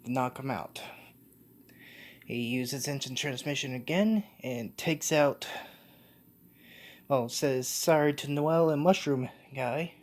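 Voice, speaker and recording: A man's voice: medium pitch, slow pace, long pauses. A man casually retelling a fan-made story off the cuff, full of restarts and self-corrections. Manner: casual, slangy.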